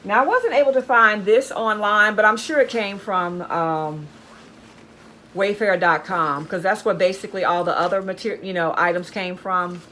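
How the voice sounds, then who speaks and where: A haul vlogger shows off her bargain finds in casual show-and-tell chat, enthusiastic and often calling out to her viewers. Her mid-range voice is bright and forceful at a moderate pace, with slight background noise.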